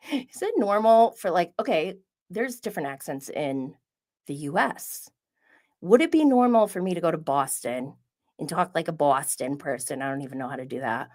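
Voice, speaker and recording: A woman's voice: deep voice, animated, moderate pace, a little mellow. A woman hosting a casual solo recap, chatty and giggly, full of "like" and asides. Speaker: podcast host recapping reality TV.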